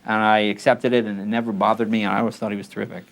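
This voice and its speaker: A man speaking in a documentary interview, giving a quick, admiring recollection. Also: fairly low pitch, little pitch movement, vocal fry.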